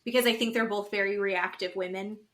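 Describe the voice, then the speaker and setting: A woman co-hosts a podcast, casually recapping a reality show and acting out the cast's quotes in an animated retelling. Her voice is mid-range and brisk.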